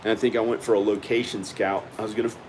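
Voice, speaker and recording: A man's voice: fairly low pitch, level tone, very fast, noisy background. A man vlogging at home in a casual, rambling monologue, often repeating himself as he talks to the viewer. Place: at home indoors.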